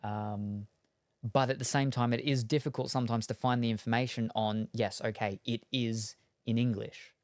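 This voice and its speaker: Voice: medium pitch, steady tone, normal speed, darkish tone, dry recording, clean studio sound. A game streamer with an Australian accent, chatting casually and rambling, full of ums while answering chat. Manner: rambling and hesitant, many ums.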